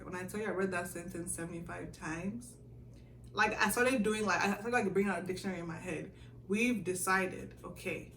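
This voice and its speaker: Young woman, storytime vlogger, bright edgy voice, lively reenactments, roomy sound from a set-back mic. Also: lowish voice, fairly quick, far from the mic, a little hiss or hum. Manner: animated storyteller who acts out her own past reactions. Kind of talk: storytime vlog.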